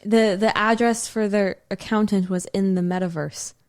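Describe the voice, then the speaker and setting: Woman co-hosting a podcast, dry sarcastic humor, mid-pitched everyday voice. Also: fairly even intonation, normal speed, a little mellow. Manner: dry joking, sarcastic asides. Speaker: podcast co-host. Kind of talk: casual podcast chat.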